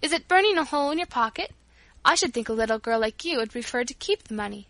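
Lady reading as a bossy practical housekeeper, scolding, bright voice. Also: on the high side, expressive, quick pace, no room sound. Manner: scolding, matter-of-fact.

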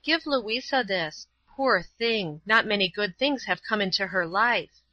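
A woman reading a storybook, voicing a kindly, caring woman who speaks gently and slowly. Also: mid-range voice, expressive, no room sound, lo-fi sound, close to an everyday voice. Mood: gentle.

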